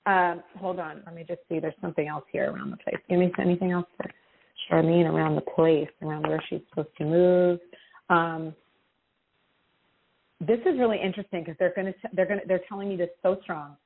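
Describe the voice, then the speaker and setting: A woman giving intuitive readings to callers on a call-in show, expressive and reassuring, with feeling in her voice. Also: lowish voice, fairly quick, gravelly. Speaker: intuitive reader answering callers. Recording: tinny phone-line sound.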